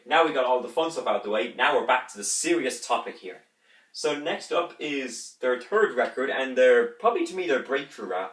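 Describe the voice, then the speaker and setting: A man talks through an unboxing in a rambling, excited way, humming and thumping out instrument parts as he goes. He sits well back from the mic in a room with a roomy echo. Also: mid-range voice, recorded from a distance. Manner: enthusiastic, rambling, imitates instruments with his voice. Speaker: music reviewer.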